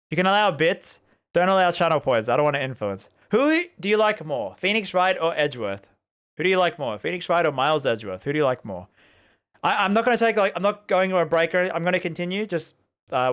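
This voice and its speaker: A man's voice: fairly high pitch, fairly bright tone, smooth. A man streaming a game, chatting loosely with his viewers and using lots of filler words. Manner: chatty, rambling, addresses chat often, fillers like "like". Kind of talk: casual let's-play commentary.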